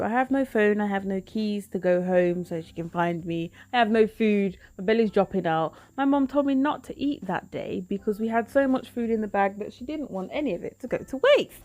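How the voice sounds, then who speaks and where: A woman's voice: medium pitch, no room sound. Dramatic woman telling a story. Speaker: vlogger. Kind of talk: storytime vlog.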